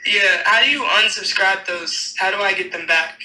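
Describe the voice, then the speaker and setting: A woman's voice: medium pitch, normal speed, sharp tone, roomy sound, far from the mic, poor audio. A woman on a call with a streamer, teasing and complaining.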